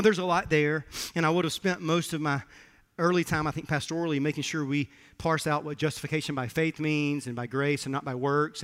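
A man's voice: fairly high pitch, a bit bright, big-room sound. A man preaching a sermon as pastor, telling a personal story in an earnest way and repeating words when moved. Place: church sanctuary.

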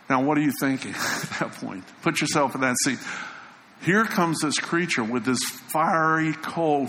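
A man preaching a sermon as pastor, talking in a conversational way and dropping softly for emphasis. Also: a little high. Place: church sanctuary. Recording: echoing church hall with faint ambience.

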